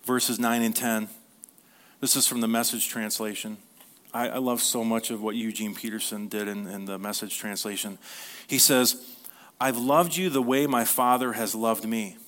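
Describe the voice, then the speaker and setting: Male preacher, mid-pitched, conversational sermon delivery, slow on scripture, rising energy on the big points. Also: fairly even intonation, a bit bright. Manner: earnest, conversational, asks the listeners questions; reads scripture slowly, then rises in pitch and energy.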